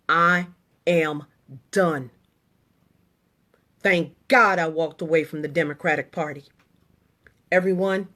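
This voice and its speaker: A woman's voice: fairly low pitch, a bit bright. A middle-aged woman and military veteran delivering an indignant political monologue to the camera, with short, emphatic, repeated statements.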